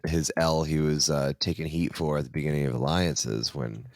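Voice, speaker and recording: A man with an extremely deep voice joins a casual book chat. His tone is gravelly, with a lot of fry. He speaks haltingly, filling gaps with fillers as he gathers his thoughts. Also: steady tone, darkish tone, no echo, studio quality.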